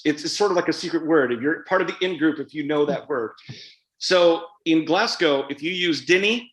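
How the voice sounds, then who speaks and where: Author guest, man, upper-ish pitch, loose conversational rambling, roomy sound. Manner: chatty, rambling, frequent fillers and restarts. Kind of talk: live event interview.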